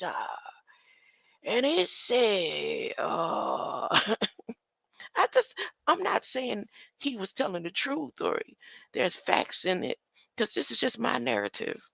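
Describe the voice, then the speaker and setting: A woman hosts a livestream with an unhurried, rambling monologue, peppering it with a questioning "huh?" and little laughs. Her voice is bright and edged with gravelly fry. The sound is dry, with no room around it. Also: mid-range voice, sing-song, no echo, low-quality recording. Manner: tags lines with a questioning "huh?"; laughs between thoughts.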